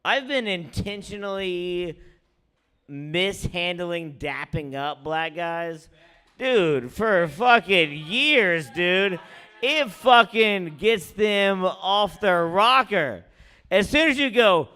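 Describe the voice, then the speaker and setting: A man hosting an open mic, doing rambling stand-up with quick asides. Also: high-pitched, lively intonation, bright, forceful tone, clear, resonant tone. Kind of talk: stand-up comedy.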